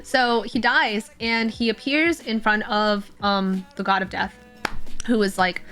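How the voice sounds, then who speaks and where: Young woman streamer, rambling casual storyteller, soft music underneath. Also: mid-range voice, a little slow. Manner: rambling, heavy on "like" fillers, animated storytelling. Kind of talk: casual chat. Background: faint music.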